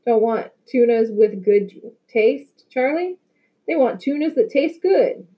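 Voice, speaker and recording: A woman's voice: a little high, lively intonation, takes it slowly. A woman voicing a sneering teen bully. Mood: taunting. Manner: taunting, sneering, loud. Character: swaggering teenage boy bully, mocking.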